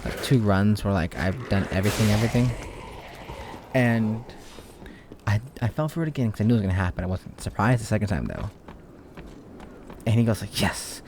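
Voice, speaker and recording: A man's voice: lowish voice, expressive, fairly quick, background noise. A man hosting a let's play, chatting casually as he plays, rambling, swearing now and then, and rolling his R's. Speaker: gaming channel host.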